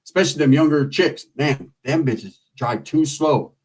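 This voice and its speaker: A man's voice: a little high, normal speed, breathy edge, far from the mic. A man telling a profane, comedic street story in loose slang, acting out the people in it. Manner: loose street slang, animated with lots of acted quotes.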